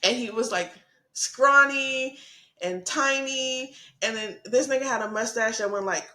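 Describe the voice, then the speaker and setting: A young woman telling a story in casual podcast chat, animated, laughing often and acting out what people said. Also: a little high, a little slow, reverberant. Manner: animated, laughing, swearing, acts out quotes. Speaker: podcast co-host.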